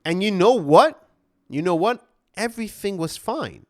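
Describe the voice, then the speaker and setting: A man's voice: sits high, lively intonation, a little slow, a little mellow. A man in his thirties, an anxiety coach, talking earnestly in a motivational monologue full of fillers and restarts. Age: 30s.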